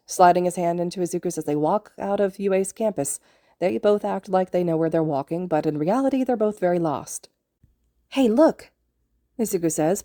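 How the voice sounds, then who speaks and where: A woman reading fanfiction aloud in a gentle, even storytelling voice. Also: on the low side, no echo, clean studio sound. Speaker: podfic reader.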